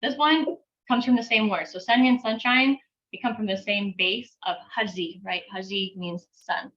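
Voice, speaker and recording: A woman teaching an online language class, patiently breaking words into syllables and repeating them slowly, with a light laugh now and then. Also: mid-range voice, a bit bright. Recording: dull lo-fi class recording.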